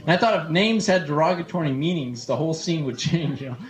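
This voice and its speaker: A man's voice: fairly high pitch, lively intonation, fast, reverberant. A man performing a stand-up comedy set, joking and stumbling over his restarts. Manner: joking, acts out characters, stammers on restarts. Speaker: stand-up comic. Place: comedy club stage with live audience. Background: audience laughter.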